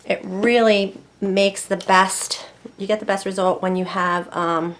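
A woman's voice: medium pitch, steady tone, measured pace, a bit bright, slight background noise. A woman teaching decorative painting in a casual tutorial, chatting and thinking aloud as she works at a close mic.

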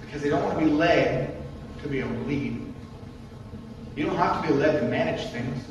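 A man's voice: fairly high pitch, moderate pace, muffled recording, noisy background. A man preaching a sermon in a church, emphatic and repetitive, posing rhetorical questions to the congregation. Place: church sanctuary. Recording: distant mic in an echoey church hall.

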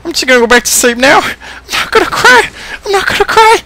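A man voicing a whiny plush toy that sulks and complains from across the room in a squeaky voice. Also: sing-song, a little fast, pushed and bright, heavily acted. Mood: sulky. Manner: squeaky, petulant, calling from afar. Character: high-pitched whiny plush toy, sulky. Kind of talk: comedic gaming commentary.

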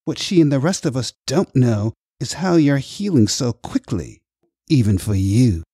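A smug male boss who baits and toys with the people around him, as a man reading an audiobook puts him on. The voice sits somewhat higher than the reader's own and moves with lively inflection. It sounds warm and a little husky. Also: unhurried, no echo, studio quality, heavily acted. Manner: smug, baiting. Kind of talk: audiobook character voice.

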